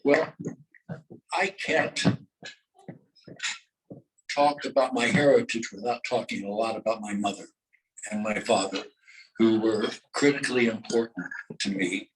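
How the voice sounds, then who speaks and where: A man's voice: on the low side, distant mic, poor audio. Older man speaking off the mic. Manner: halting, with frequent filler sounds; engages the audience with questions and call-and-response. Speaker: guest speaker. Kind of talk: luncheon talk. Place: luncheon meeting room. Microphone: microphone held at a distance. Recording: voice heard from off the mic.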